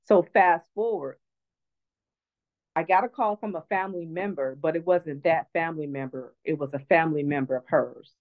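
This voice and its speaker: A woman's voice: sits low, normal speed. Earnest woman over a tinny phone line. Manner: earnest, reflective, many restarts. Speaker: guest speaker. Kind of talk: personal storytelling in an online talk.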